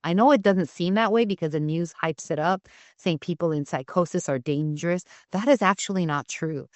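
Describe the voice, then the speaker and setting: Low-voiced woman giving a training talk. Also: no echo. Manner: conversational, repeats "right?" to check in. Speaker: crisis de-escalation trainer.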